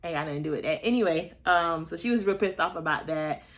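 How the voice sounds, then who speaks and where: Woman, 30s, vlogger: sassy gossip recap, slightly low voice, breaks into high, exaggerated voices when she quotes people. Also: fast, a bit bright. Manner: sassy, chatty and playfully shady. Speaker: vlogger recapping a reality show. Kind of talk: casual gossip commentary.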